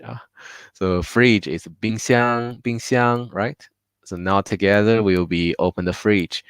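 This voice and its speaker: A man's voice: lowish voice, unhurried, clear, resonant tone, dry recording. A man teaching a live online class, patiently drilling words aloud with many fillers. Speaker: Mandarin teacher. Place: home.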